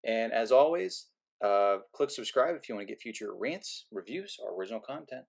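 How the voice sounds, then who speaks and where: A man's voice: medium pitch, expressive, a little fast, creaky. A man delivering a sarcastic, rambling movie rant to his viewers, often restarting his sentences. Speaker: movie vlogger. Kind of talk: opinionated rant to camera.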